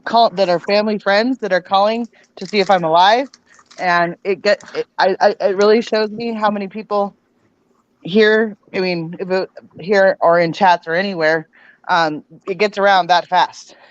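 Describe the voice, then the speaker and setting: A woman speaking as a panel guest on a casual livestream, earnest and halting with frequent restarts. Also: medium pitch, dry recording, muffled recording.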